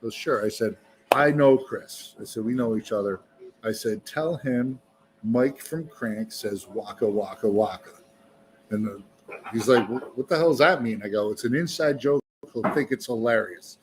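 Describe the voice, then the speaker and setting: A man's voice: lowish voice, moderate pace. A man, a musician guest, tells a long story with energy and profanity at an indoor bar, acting out the voices of the people in it. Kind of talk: animated storytelling.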